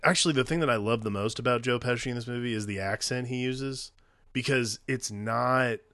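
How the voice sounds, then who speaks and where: A man's voice: mid-range voice, a little fast, a bit bright, no room sound, studio quality. A man co-hosting a casual film podcast, rambling and filling his talk with "like" as he explains his points. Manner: rambling, hedges with "like". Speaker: podcast co-host.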